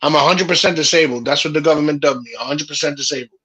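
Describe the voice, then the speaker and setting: A man in a casual podcast chat, telling a heated, profane story with a husky voice. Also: fairly high pitch, fast, crowd noise, low-quality recording. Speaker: podcast host.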